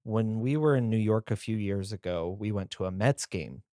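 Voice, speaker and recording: A man's voice: on the low side, normal speed, dark tone, no echo, studio quality. A man co-hosting a casual podcast chat, telling stories with eager energy. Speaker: podcast co-host.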